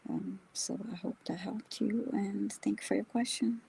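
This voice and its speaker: A woman co-hosting a live psychic reading, speaking softly and hesitantly with many ums. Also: medium pitch, fairly even intonation, normal speed, creaky, slight background noise, rough recording. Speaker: psychic reader, co-host.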